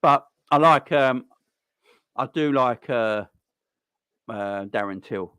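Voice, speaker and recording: A man's voice: medium pitch, slow, a bit bright, clean tone, dry recording. A man hosting a football watchalong livestream, chatting casually and bluntly with viewers, repeating himself and using lots of fillers. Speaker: livestream host reacting to a football match. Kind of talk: casual live chat reading viewer comments.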